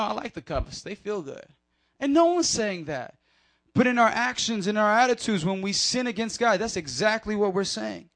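A high-pitched man preaching to young people in a lively, playful way. He leans on call-and-response and jokes between the scripture readings. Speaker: youth pastor. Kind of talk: lively sermon to a youth crowd.

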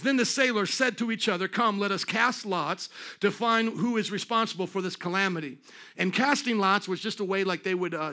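A man's voice: high-pitched, sharp tone. A man preaching a sermon at a church service, talking in an emphatic, conversational way and throwing rhetorical questions at the congregation. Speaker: pastor.

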